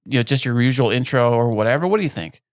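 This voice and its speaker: A male podcast host chatting casually with a guest, quick to joke and say what he thinks. His pitch moves around a lot as he talks. The recording is dry and close. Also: no echo. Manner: joking, expressive. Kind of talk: casual interview chat.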